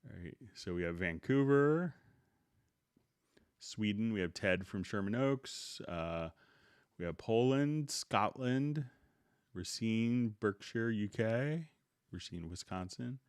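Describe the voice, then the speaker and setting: A middle-aged man hosting a live software tutorial stream in a relaxed, unhurried way, greeting viewers by name before he demonstrates. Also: on the low side, smooth, dry recording, studio quality.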